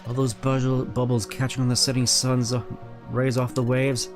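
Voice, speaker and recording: An earnest young partner creature from a video game, kind and friendly, voiced by a man in his everyday voice. The voice sits at an ordinary pitch over faint game music. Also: completely flat delivery, normal speed, natural voice. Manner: earnest, kindly.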